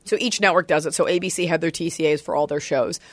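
A woman in her thirties, a comedian guest in a casual podcast chat, quick and self-mocking. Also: low voice, dry recording. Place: Los Angeles area studio.

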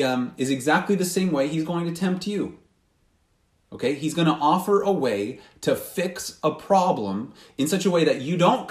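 A man preaching a sermon as pastor, earnest and questioning, often restarting his sentences. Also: a little high. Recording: roomy hall.

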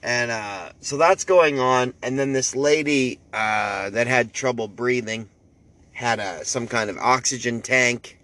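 Slow, rambling man. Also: mid-range voice, sharp tone. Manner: rambling, wry, with halting restarts. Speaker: podcast host. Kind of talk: casual rambling monologue.

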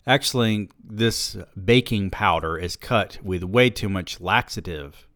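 A man's voice: on the low side, measured pace, a bit bright, no room sound, clean studio sound. A man voicing a cocky, druggy adult male friend who wisecracks in a smug tone. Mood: sardonic.

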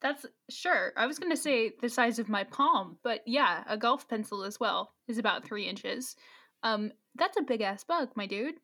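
Woman co-host, higher voice, wry sidekick energy in a casual chat. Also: lively intonation, moderate pace, sharp tone. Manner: wry, joking interjections. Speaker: podcast co-host. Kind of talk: casual book recap chat.

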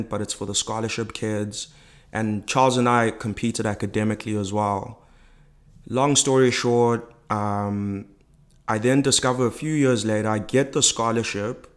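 A young man from South Africa, a podcast guest, telling a personal story in a reflective, halting way with many fillers. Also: lowish voice.

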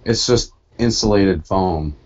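A man's voice: low-pitched, slow, muffled recording. A man venting bluntly and swearing often while chatting casually on a conference call as a podcast co-host. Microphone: computer headset on a conference call.

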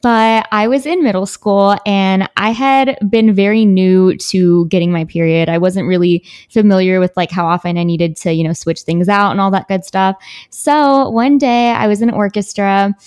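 A woman's voice: mid-range voice, moderate pace, smooth. A young woman in her twenties co-hosting a casual chat show, rambling with lots of filler words. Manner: relaxed, filler-heavy rambling. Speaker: podcast co-host.

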